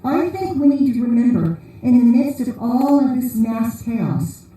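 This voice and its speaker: Speaking at a conference in a big church hall, a woman delivers a casual sermon full of meandering, funny stories. Her voice is fairly high and dark-toned, with lively intonation and a moderate pace. It's picked up from a distance amid heavy echo.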